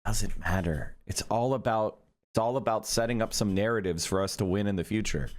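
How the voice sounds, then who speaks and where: A man's voice: lowish voice, fairly quick. A man talking casually to his live-stream chat, joking and rambling with the odd swear word. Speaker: livestreamer.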